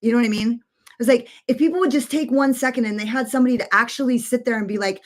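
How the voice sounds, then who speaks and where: A woman's voice: on the high side, quick pace. A woman in her forties chatting casually on a makeup livestream from her bedroom, rambling with lots of fillers and free swearing. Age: 40s.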